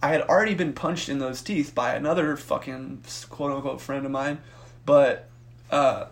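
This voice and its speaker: A young man co-hosting a podcast, telling a profane story in a casual, animated way and acting out the voices in it. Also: medium pitch, normal speed, noisy background. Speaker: podcast co-host.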